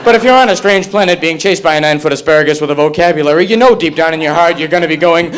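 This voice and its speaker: A young man from Massachusetts doing a stand-up comedy set, with a wry, rapid-fire delivery. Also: a little high, noisy background. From Massachusetts, USA.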